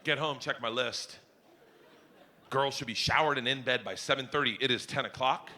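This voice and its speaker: A man telling a stand-up story, loud and animated, shouting as he acts out lines. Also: medium pitch, moderate pace, noisy background. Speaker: stand-up comedian.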